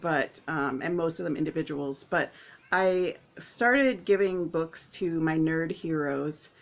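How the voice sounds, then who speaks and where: A woman vlogging to camera at home, chatting casually in a rambling, excitable way with lots of fillers. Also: sits low, takes it slowly, gravelly. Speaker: author and vlogger.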